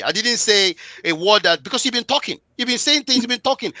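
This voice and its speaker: A man with a high, bright voice delivers a fervent motivational talk, hammering points home through repetition. He speaks straight to his listeners. The sound is close and dry. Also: animated, moderate pace, hardly any pauses, no room sound. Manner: emphatic, preachy, repeats phrases for emphasis; direct address to the audience. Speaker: guest speaker on relationships.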